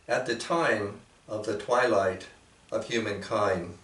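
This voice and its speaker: A man giving a reflective, unhurried talk, with measured pauses and frequent fillers. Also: lowish voice, fairly bright tone. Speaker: speaker presenting a painting. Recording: roomy echo from a distant mic.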